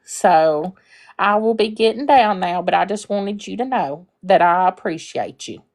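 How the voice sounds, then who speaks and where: A woman's voice: mid-range voice, a little slow. A woman calling in to a live stream, telling a story sincerely with frequent fillers. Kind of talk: casual heartfelt storytelling.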